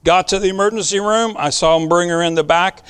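A man with a high voice preaching from the pulpit. He talks earnestly and with emphasis, dropping to a hush and then rising again as he drives home his point. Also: fairly quick, clean tone. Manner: earnest, emphatic storytelling with sudden soft and loud swings. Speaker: pastor. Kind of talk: sermon.

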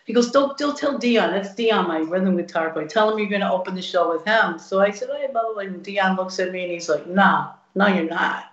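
Woman, blues guitarist, lively storyteller, echoey room, muffled lo-fi sound. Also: mid-range voice, fairly quick, few pauses, slight background noise. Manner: lively storyteller acting out quoted people. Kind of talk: casual storytelling interview. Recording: roomy, dull lo-fi sound.

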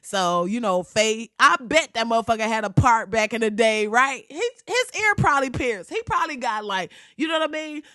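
Woman, high voice, dry close sound, blunt profane comedic rant, slangy host. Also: expressive, moderate pace, hardly any pauses, fairly bright tone, dry recording. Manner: blunt, heated, swears constantly, slangy.

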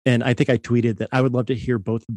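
A man's voice: medium pitch, little pitch movement, quick pace, darkish tone, no room sound, studio quality. A man hosting an interview, asking rambling, admiring questions with many restarts. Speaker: interview host. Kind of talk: casual interview chat.

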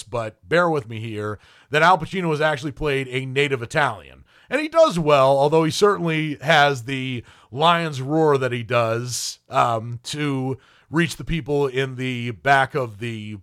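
Animated male film critic. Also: medium pitch, unhurried. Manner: opinionated, frequent ums and restarts. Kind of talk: spoken film review.

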